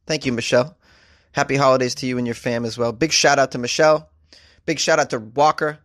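A man's voice: medium pitch, steady tone, brisk, a bit bright, no room sound, clean studio sound. Chatty, jokey male podcast host. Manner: chatty, jokey, self-deprecating. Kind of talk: casual podcast chat.

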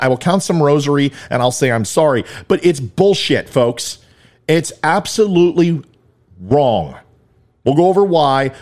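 Male commentary host, middle-aged, heated and mocking, lively pitch. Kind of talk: ranting political commentary.

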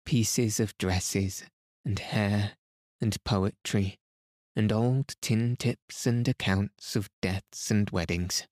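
A man reading a classic novel aloud as a calm bedtime story, gentle and even. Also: lowish voice, dry recording, studio quality. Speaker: podcast reader.

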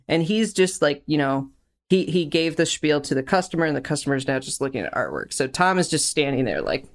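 A man co-hosting a casual chat, telling stories with lively acted-out quotes. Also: a little high, fairly quick. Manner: animated storyteller, acts out quotes. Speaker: podcast co-host and artist.

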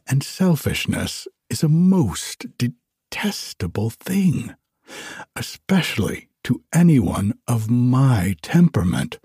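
A pompous, touchy firework rocket from a storybook, voiced by a man who sounds self-important and aggrieved. The voice is heavily breathy and slow. The sound is close and dry. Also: mid-range voice, a little mellow, no room sound, exaggerated voice.

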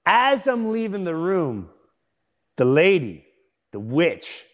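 A middle-aged man hosting a comedy podcast, telling an animated story and acting out the people in it. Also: high voice, takes it slowly. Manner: animated, acts out other people's voices. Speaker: host.

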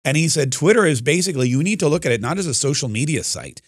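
A man's voice: fairly high pitch, very animated, breathy edge, no room sound, clean studio sound. Combative male talk radio host. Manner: combative, restarts often, quick bursts. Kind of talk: opinionated talk radio monologue.

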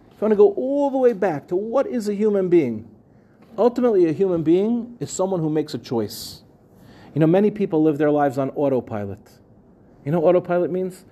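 Bright-voiced rabbi teaching a lively class. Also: male voice, high voice. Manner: conversational, asks the room questions, repeats phrases. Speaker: rabbi giving a Torah class. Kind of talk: lively spoken Torah class. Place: room with a live audience.

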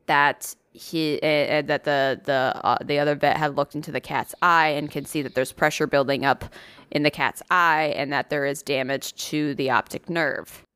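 A woman's voice: deep voice, steady tone, normal speed, a bit bright, smooth, no echo, studio quality. A woman co-hosting a podcast, telling a story in casual chat, swearing freely and acting out the voices of the people in it. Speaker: podcast co-host.

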